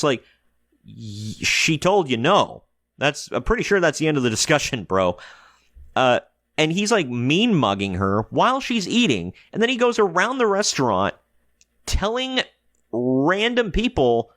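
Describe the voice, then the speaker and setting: A man giving casual film commentary as a reviewer, ranting in an animated, exasperated way with lots of fillers. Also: medium pitch, unhurried, no echo, clean studio sound. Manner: acts out quoted characters in short bursts. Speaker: movie reviewer.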